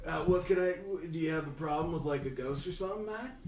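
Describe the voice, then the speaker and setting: Chill drawling dragonborn, voiced by a man, raised pitch, echoey noisy room. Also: fast talker, lightly acted. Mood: laid-back. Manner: easygoing, drawling, says man a lot. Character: laid-back dragonborn monster-hunter man. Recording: roomy, distant mic, noisy.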